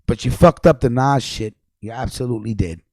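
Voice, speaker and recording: A man ranting angrily on a livestream, cursing a lot, repeating himself, and jumping between low mutters and loud outbursts. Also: brisk, no echo, clean studio sound. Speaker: livestream host. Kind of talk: profane ranting commentary.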